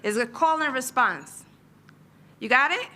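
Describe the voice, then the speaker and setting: High, bright-voiced woman giving a fiery speech. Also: lively intonation, measured pace. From United States. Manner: fiery, leads chanted call and response. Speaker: invited panel speaker and organizer. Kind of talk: impassioned political speech.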